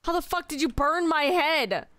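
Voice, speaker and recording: Young woman streamer, high bright voice, exasperated and swearing, dry close mic. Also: normal speed, dry recording. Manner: exasperated, swearing, yelling at chat. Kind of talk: live game streaming.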